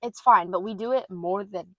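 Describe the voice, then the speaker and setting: A woman's voice: mid-range voice, normal speed, muffled recording, a loud crowd. A young woman co-hosting a casual podcast chat, rambling and trailing off between "like" fillers. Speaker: podcast co-host.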